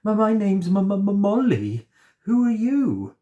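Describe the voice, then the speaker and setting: Guy doing a scared little storybook girl, high and stammery, trips over her words. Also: big pitch swings, a little slow, dark tone, lo-fi sound.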